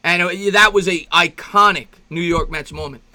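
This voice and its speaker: High, bright-voiced excitable male sports fan. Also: normal speed. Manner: chatty, rambling asides to viewers between pitches; excitable, voice jumps up when reminiscing. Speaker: fan play-by-play host. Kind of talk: amateur play-by-play commentary with reaction.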